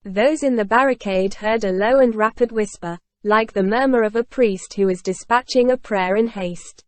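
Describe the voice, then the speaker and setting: A woman reads a classic novel aloud at a steady, measured pace. Her voice sits in a middle pitch range. The sound is close and dry, with no room around it. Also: dry recording. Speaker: audiobook reader. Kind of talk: scripted narration.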